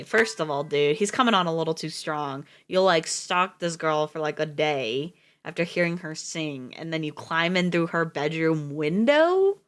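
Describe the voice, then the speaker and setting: Joking woman reading fairy tales aloud. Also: fairly low pitch. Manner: joking, swearing asides, stumbles while reading. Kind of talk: storybook reading with casual commentary.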